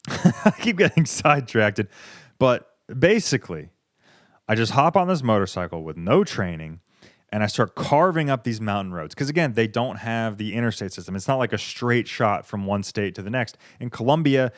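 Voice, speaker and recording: A man's voice: medium pitch, big pitch swings, normal speed, dry recording, clean studio sound. A young man hosting a casual solo podcast, rambling through profane, sarcastic tangents. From United States. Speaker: podcast host.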